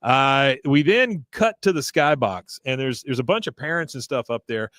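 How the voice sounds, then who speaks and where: A man's voice: medium pitch, normal speed, no echo, studio quality. Man retelling a cartoon scene, laughing. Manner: animated retelling with voices and laughter. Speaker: podcast co-host. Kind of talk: casual episode recap.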